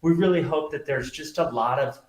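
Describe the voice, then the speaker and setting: In this conversational interview, the guest, a middle-aged magician and pastor, tells stories earnestly with lots of fillers. He speaks a little fast, with a voice on the high side, and the room echoes noticeably.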